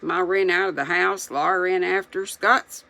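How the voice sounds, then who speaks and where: A reader reading a children's novel aloud, unhurried, pausing to muse aloud between passages. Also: mid-range voice, steady tone, vocal fry, bright, forceful tone, rough recording.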